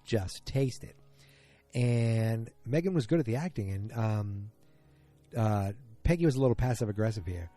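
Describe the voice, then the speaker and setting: A man's voice: lowish voice, lively intonation, normal speed, mellow, faint music behind. A man hosting a casual solo podcast, retelling events in a rambling, self-correcting way. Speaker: podcast host.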